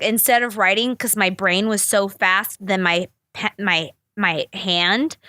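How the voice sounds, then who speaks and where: A young woman talks through her feelings on a podcast, rambling, confessional and quick to swear. Her voice is bright and forward, recorded dry and close with no room around it. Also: medium pitch, no echo. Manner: rambling, profane, emotional and confessional. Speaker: podcast host. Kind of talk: candid solo podcast talk.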